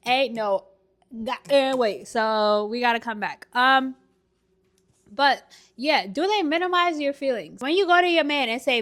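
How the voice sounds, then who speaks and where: Young woman, slightly high voice, chatty and emphatic advice vlogger, indoors at home. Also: unhurried, a bit bright. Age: young adult. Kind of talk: casual advice chat while doing a puzzle.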